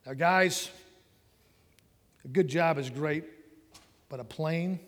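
A man's voice: a little high, slow, a bit bright. A middle-aged man telling his personal testimony in a conversational sermon, addressing his listeners directly. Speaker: preacher giving testimony. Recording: long hall reverb.

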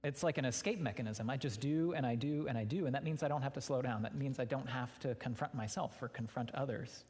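A man's voice: mid-range voice, quick pace, hardly any pauses, a little mellow. A man giving a sermon, speaking candidly and conversationally, turning often to address his listeners directly. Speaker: pastor. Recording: long reverb of a large hall.

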